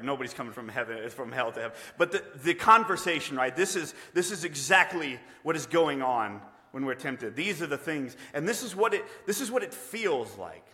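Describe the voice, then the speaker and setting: A man's voice: mid-range voice, bright, forceful tone. A man preaching a sermon, earnest and emphatic in a conversational way. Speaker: pastor. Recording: long reverb of a large hall.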